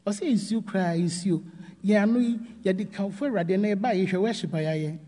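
A woman's voice: mid-range voice, brisk, warm tone, big-room sound. A Ghanaian woman, a church elder, preaching a sermon with emphatic, repeated phrases.

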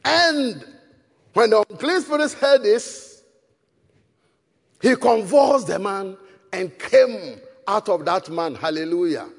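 A man with a Ghanaian accent preaching a sermon, shouting for emphasis and switching between English and Twi, in a hall with long reverb. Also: high-pitched, animated, slow pace, creaky, pauses often.

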